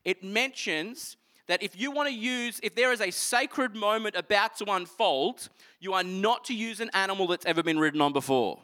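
A man preaching a sermon, earnestly explaining scripture and moving between energetic passages and hushed ones. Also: sits high, moderate pace.

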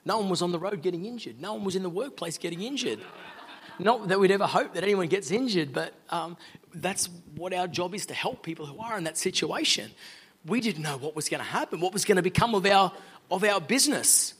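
Middle-aged aussie bloke telling a story at church, a bit husky, pitch sits kinda high. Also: male voice, lively intonation, fairly quick, fairly bright tone. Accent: Australian. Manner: earnest, conversational, storytelling. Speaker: guest speaker, law firm owner. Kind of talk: sermon talk.

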